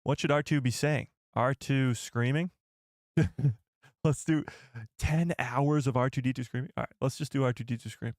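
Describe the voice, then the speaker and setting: A man hosting a live stream, chatting with viewers in an excitable, joking way. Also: mid-range voice, moderate pace, no echo, clean studio sound. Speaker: livestream host.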